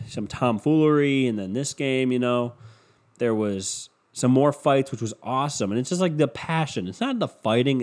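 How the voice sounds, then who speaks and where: A man hosting a casual solo podcast, rambling and cursing with self-mocking humor, a bit congested from a cold. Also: medium pitch. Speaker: podcast host.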